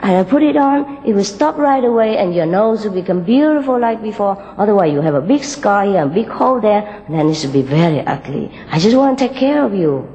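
A woman voicing a calm, generous male creature in a told fable, speaking gently and caringly. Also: mid-range voice, measured pace, long reverb tail, highs cut off.

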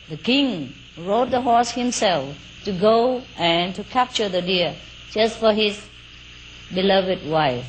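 A woman telling a folk tale at a slow, easy pace, stopping for chatty asides and small laughs. Her voice sits in a middle range. Faint crickets and insect noise hum behind her. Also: mid-range voice, animated, low-quality recording. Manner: unhurried, chatty asides with fillers and little laughs. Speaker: storyteller. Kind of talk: casual oral storytelling.

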